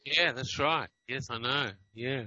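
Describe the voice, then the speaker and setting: Bright-voiced man with a soft Australian accent. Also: medium pitch, measured pace, dry recording, muffled recording. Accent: soft Australian with slight American. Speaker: host. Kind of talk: casual podcast chat.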